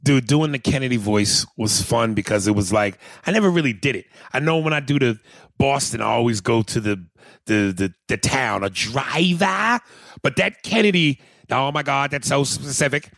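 A man's voice: mid-range voice, animated, normal speed, creaky, a bit bright, no room sound. A man co-hosting a podcast in casual chat, boisterous and profane, often laughing. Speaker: podcast co-host.

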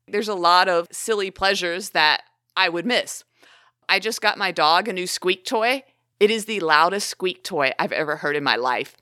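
A young woman from the American South talks on a podcast, chatty and animated and quick to laugh. Her voice is bright and forceful, and it sounds close and dry, with no room echo. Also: on the low side. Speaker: podcast co-host. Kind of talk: casual podcast conversation.

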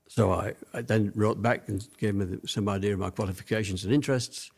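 A man's voice: fairly low pitch, steady tone, a little fast, gravelly, a little mellow. An older man telling stories from his life as an interview guest, reminiscing at length with plenty of fillers and restarts. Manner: rambling reminiscing with many fillers. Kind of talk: storytelling.

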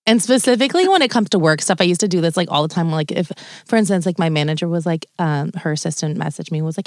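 A woman's voice: lowish voice, expressive, fast, no echo, studio quality. A young woman co-hosting a podcast, chatting casually and animatedly, swearing freely. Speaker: podcast co-host. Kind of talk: casual chat.

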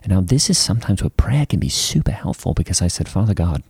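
A man plays a self-satisfied youth pastor with a low, mellow voice, spinning a rambling anecdote padded with ums, uhs and restarts. The sound is close and dry. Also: sing-song, fast talker, slightly rough, no echo, heavily acted. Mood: rambling, earnest. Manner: rambling storytelling with many fillers and restarts. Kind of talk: improvised comedy character.

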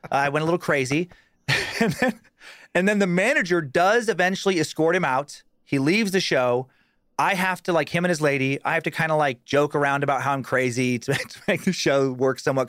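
A man's voice: fairly high pitch, brisk, fairly bright tone, no room sound, clean studio sound. A man, a comedian, telling a profane road story in casual podcast chat with lots of restarts and swearing.

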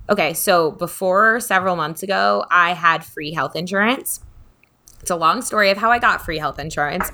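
A woman's voice: sits low, pushed and bright. A woman talking in a casual, rambling, reflective way, with lots of fillers, as a podcast co-host. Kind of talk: casual spiritual chat.

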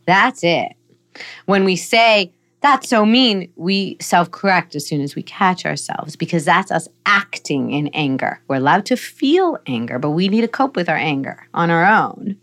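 A woman guest on a podcast, calmly explaining parenting ideas and modeling gentle phrases to use with a child. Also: on the low side, measured pace. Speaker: psychologist guest. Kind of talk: podcast conversation, giving parenting advice.

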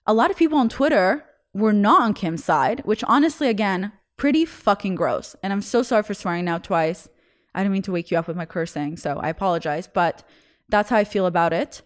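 A woman's voice: mid-range voice, expressive, brisk. A young woman hosting a podcast, telling a story in casual chat, with lots of "like" and frequent laughter. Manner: chatty, fills speech with "like", laughs often. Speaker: podcast host.

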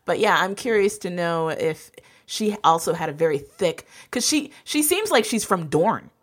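A woman's voice: lowish voice, animated, moderate pace. A woman co-hosting a casual podcast, talking through her thoughts with restarts and light laughs. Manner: hesitant, many fillers and restarts, laughs lightly. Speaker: podcast co-host. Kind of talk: casual chat.

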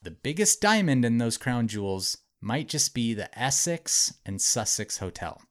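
A man with a medium-pitched voice speaks a little slowly but very animatedly. Hosting a podcast, he tells friends a true story in chatty, casual narration, leaning heavily on "like" and "um."

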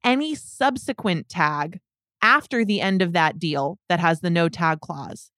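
A woman's voice: fairly low pitch, lively intonation, measured pace, fairly bright tone, no room sound, clean studio sound. A woman co-hosting a sports podcast, explaining contract details step by step in casual talk. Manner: analytical, explains points step by step. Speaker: podcast co-host.

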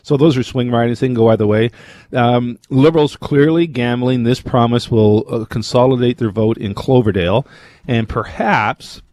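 A man breaks down election races on a radio panel, steady and analytical. He sometimes stops mid-word and starts again. His voice sits at a middle pitch, close and dry on a studio mic. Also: no room sound. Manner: measured, analytical, stops to restart words. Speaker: political commentator.

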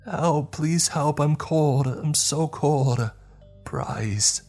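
A man doing an eerie child-voiced creature, high and pleading. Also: very slow, a little mellow, faint music behind. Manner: pleading, repetitive, broken calls. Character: unseen creature mimicking a cold lost child.

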